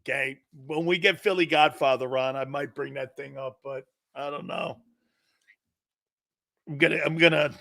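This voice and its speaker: A man in his fifties hosts a sports talk show, chatting casually and joking as he reads viewer comments. His voice sits a little high and has a bright, pushing edge. He laughs easily and keeps the energy animated. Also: vocal fry. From northeastern United States. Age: 50s.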